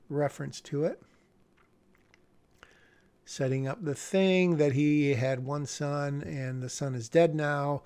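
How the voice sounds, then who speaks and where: A man's voice: medium pitch, vocal fry, a little mellow. A man casually commenting on a screenplay he is revising, rambling and breaking off mid-sentence with small chuckles. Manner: rambling, self-interrupting, chuckles at himself. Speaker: screenwriter vlogger. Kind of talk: casual commentary while screen-sharing a script.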